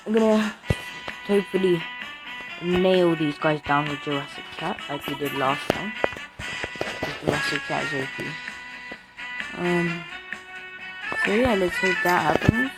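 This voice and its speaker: Excitable woman narrating her gameplay. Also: fairly low pitch, a little slow, long pauses, over loud music, rough recording. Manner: chatty and excitable, cheering units on. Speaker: gaming video creator. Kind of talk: casual gameplay commentary.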